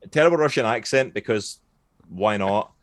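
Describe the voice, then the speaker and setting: A man in casual podcast chat, ranting with animated sarcasm about films. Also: lowish voice, normal speed, slight background noise.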